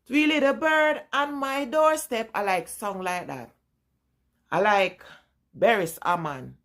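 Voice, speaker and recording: Middle-aged Jamaican woman vlogger, lower voice, loose chatty rambling delivery. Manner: chatty, rambling, answers viewer questions. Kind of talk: casual live chat with viewers.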